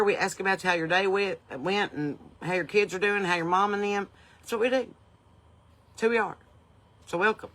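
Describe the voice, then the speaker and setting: Speaking with a bright, forceful, medium-pitched voice, this woman is a Southern country singer and podcast host. She's livestreaming casually from her porch at home, greeting viewers by name in folksy chatter, and the recording quality is low.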